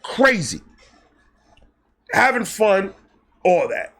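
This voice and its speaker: A man from Brooklyn tells a story. His voice sits a bit high, and he talks in a loose, profane, animated way, switching into voices for the people he quotes. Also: extremely slow. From Brooklyn, New York. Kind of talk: casual storytelling.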